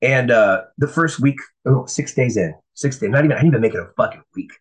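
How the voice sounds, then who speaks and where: A man telling his recovery story in a casual, profane, animated way. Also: medium pitch, fast talker, rough recording. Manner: profane, animated, acts out voices in quotes. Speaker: speaker sharing a recovery story.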